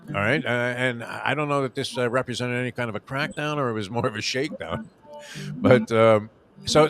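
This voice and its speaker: A man's voice: medium pitch, a bit bright. A man in his sixties, a radio host, telling a long rambling story in casual chat, full of fillers and restarts.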